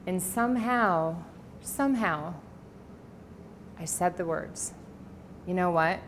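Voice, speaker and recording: Speaking slowly in a fairly low voice, a middle-aged author gives a personal storytelling talk in a library presentation room. Her warm anecdotes about family include quoted dialogue, and there's slight background noise.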